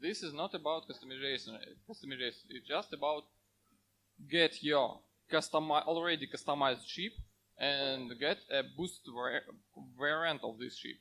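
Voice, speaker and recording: A man answering conference questions as a game developer, in halting English with many fillers. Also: on the high side, sharp tone, low-quality recording. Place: conference hall.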